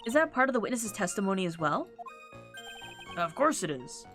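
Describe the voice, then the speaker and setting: A woman's voice: medium pitch, very animated, a little fast, a bit bright, soft background music. A woman streamer playing a courtroom game, reading the characters' lines aloud and breaking off into her own comments. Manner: reads every character line aloud, breaking off with laughs and asides.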